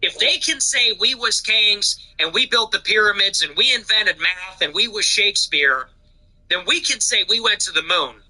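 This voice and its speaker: A man's voice: sits high, animated, normal speed, bright, forceful tone, rough recording. A man hosting a livestream, talking in a casual, mocking, rambling way and swearing often. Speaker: livestream host.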